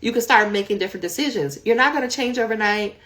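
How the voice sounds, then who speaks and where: A woman coaches dissertation writers in a live question-and-answer session. Her fairly high voice stays candid and conversational, and she speaks straight to her viewers as y'all. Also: quick pace, fairly bright tone.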